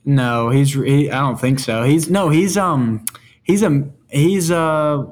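A man in his twenties co-hosting a casual podcast, relaxed and easygoing, with filler words. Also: medium pitch, takes it slowly. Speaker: podcast co-host. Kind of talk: casual chat.

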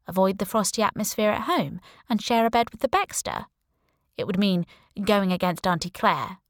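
A woman with a lowish voice narrates a first-person audiobook in a wry, conversational storytelling style. The recording is dry, with clean studio sound.

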